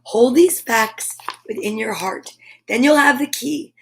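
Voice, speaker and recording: A woman reading a children's picture book aloud on a livestream, gentle and enthusiastic, often dropping to a whisper. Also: on the high side, measured pace, gravelly, a little hiss or hum. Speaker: storyteller.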